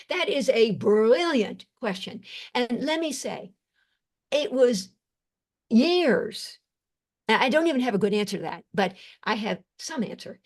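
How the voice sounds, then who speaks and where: An older woman, a psychiatrist, hosting a live webinar Q&A, reading chat comments aloud with effusive thanks and halting restarts over a video call. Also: mid-range voice, expressive, husky.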